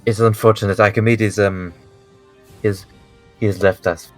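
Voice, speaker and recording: A man talking as a player in a tabletop session, his voice on the low side. He stops and restarts his words and laughs often. Faint music plays underneath. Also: fairly even intonation. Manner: laughing, halting. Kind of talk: casual tabletop game chat.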